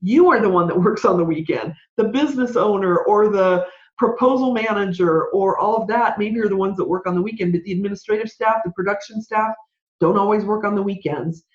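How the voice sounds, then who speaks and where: A woman hosting a solo podcast, giving advice in a fast, ranting, conversational way. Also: medium pitch. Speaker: podcast host. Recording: roomy, dull lo-fi sound.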